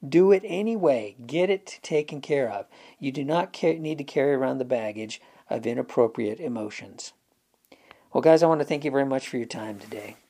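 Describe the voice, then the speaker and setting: A man's voice: mid-range voice, animated, brisk, dark tone. A man hosting a self-help talk, telling a personal story in an earnest, conversational way and guiding viewers through an exercise. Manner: earnest, conversational, retells dialogue with restarts. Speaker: self-help video host.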